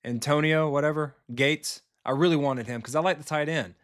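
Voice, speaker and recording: A man with a slightly high voice streams a football video game live, chatting casually and bluntly with viewers. He reacts quickly to each play as he commentates.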